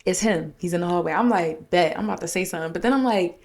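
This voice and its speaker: A woman sits at the mic recounting her week in a loose, chatty monologue. Her voice is low with a gravelly edge, and it jumps up whenever she acts out a quarrel. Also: fast. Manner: animated retelling, acting out quotes in a raised voice. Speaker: podcast host. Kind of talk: casual storytelling monologue.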